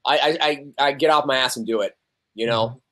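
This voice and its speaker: A man's voice: medium pitch, normal speed, fairly bright tone. A young adult man, a podcast guest, talking candidly and animatedly in casual conversation and acting out the voices he quotes.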